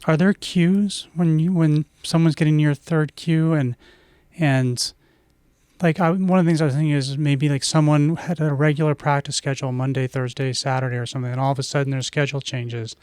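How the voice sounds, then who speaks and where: A man's voice: a little high, fairly even intonation, a little fast, a little mellow, clear, resonant tone, no echo, studio quality. A man co-hosting a casual podcast, asking curious, thoughtful questions.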